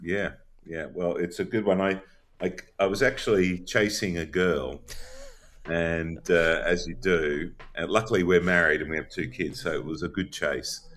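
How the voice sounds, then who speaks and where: An Australian man, a company founder, answering interview questions in a relaxed, bantering way with some stammered restarts. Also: low voice, moderate pace. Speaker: company founder and CEO, guest. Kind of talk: casual video interview.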